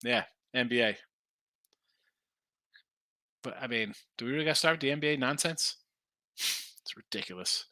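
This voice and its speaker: A man's voice: medium pitch, lively intonation, quick pace, pauses often, pushed and bright, no room sound. Chatty man hosting a podcast. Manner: rambling, chatty, self-correcting, jokey asides. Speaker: sports betting podcast host. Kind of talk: casual chat reading viewer comments.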